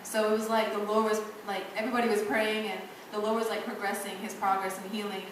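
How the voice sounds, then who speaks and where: A young woman quickly recounting her husband's recovery as part of a personal testimony. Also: medium pitch, level tone. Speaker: wife of the speaker. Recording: echoey room from far off with hiss.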